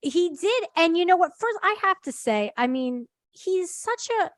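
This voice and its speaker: A woman's voice: extremely high pitch, animated, no room sound. A woman hosting a podcast, chatting casually and earnestly, with frequent "um"s and agreeing "yeah"s. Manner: measured, earnest, lots of "um" and "yeah". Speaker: podcast host. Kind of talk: casual chat recap.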